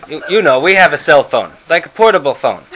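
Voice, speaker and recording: A man voicing a fussy, doting old Jewish grandmother who repeats herself loudly. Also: a little high, sing-song, quick pace, voice pushed up. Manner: chatty, repeats things loudly. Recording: lo-fi with loud background noise.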